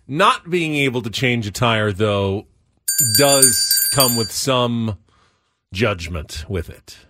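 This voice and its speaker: A man co-hosting a morning radio show, talking in a measured, wry way. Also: medium pitch, expressive, very noisy. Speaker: sports radio co-host. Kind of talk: casual morning-show banter.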